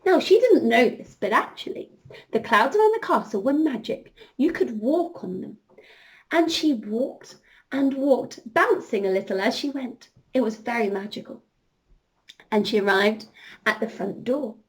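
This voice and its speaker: A woman telling an interactive story to children, full of excited gasps and questions aimed straight at the young listeners. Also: a little high, measured pace. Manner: animated, gasping, addresses children directly.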